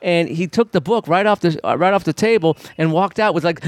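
A man co-hosting a podcast, telling stories in a casual, animated way and swearing freely. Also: high voice, brisk, few pauses, dry recording. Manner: profane, animated, laughing while telling stories. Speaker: podcast co-host. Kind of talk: casual storytelling chat.

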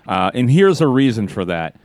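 A man's voice: mid-range voice, very animated, normal speed, darkish tone, slight background noise. A man hosting a podcast in casual chat, rambling and self-deprecating. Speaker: podcast host.

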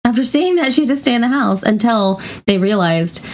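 A woman co-hosting a podcast, chatting casually and reacting to a ghost story with quick jokes. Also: on the high side, animated, a little mellow, slight background noise. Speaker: podcast co-host. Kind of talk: casual chat.

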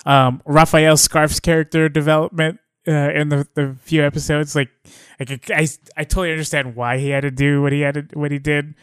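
A man in casual podcast chat, relaxed, using lots of "like" and restarting his sentences. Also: a little high, a little fast, smooth, no echo, studio quality.

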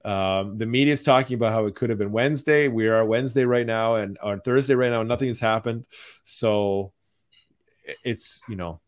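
A man hosting a podcast, delivering a calm, mild-mannered rant in casual chat. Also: fairly low pitch, moderate pace. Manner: even-toned, mild-mannered ranting. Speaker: podcast host.

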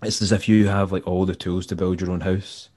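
A Scottish man, a musician and tour manager, telling stories in a relaxed, rambling way and acting out the people he quotes. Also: low voice, a little fast. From Scotland. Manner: rambling, laid-back, acts out quoted dialogue. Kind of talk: casual storytelling interview.

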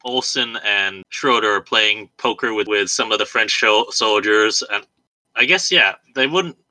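A man's voice: on the low side, a little slow, sharp tone, no room sound, poor audio. A man co-hosting a podcast in casual film review chat, chatty and self-deprecating, laughing often. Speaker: podcast co-host.

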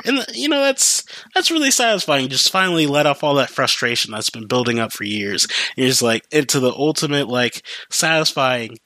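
A man's voice: mid-range voice, very animated, normal speed, hardly any pauses, pushed and bright, dry recording. A young man hosting his own podcast, ranting profanely in a casual solo monologue and mimicking other people's voices. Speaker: podcast host.

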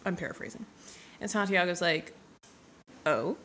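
Young woman retelling a book all crude and jokey, lowish voice, hops into little character voices. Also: fairly bright tone. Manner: irreverent, crude, acts out characters in quick voices. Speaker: storyteller recapping a novel. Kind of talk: casual comedic book recap.

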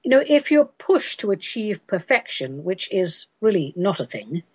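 A woman's voice: mid-range voice, sing-song, moderate pace, a little mellow, breathy edge, no echo. A woman radio host from England gives spiritual advice, chatting emphatically through listener questions. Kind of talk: casual radio talk answering listener questions. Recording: dull lo-fi radio recording.

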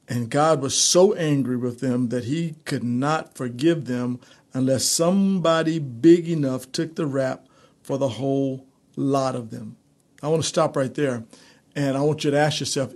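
A male pastor teaching a streamed Bible study in a conversational preaching manner, building to animated emphasis. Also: mid-range voice, a little slow.

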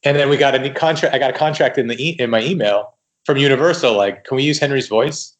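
In a relaxed podcast interview, a male guest writer spins animated stories full of quoted dialogue, regularly restarting what he's saying. His pitch is medium and he talks fast.

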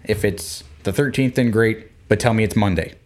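A man chatting casually on a podcast, animated and acting out little scenes as he talks. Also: lowish voice, moderate pace. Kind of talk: casual chat. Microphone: desk microphone.

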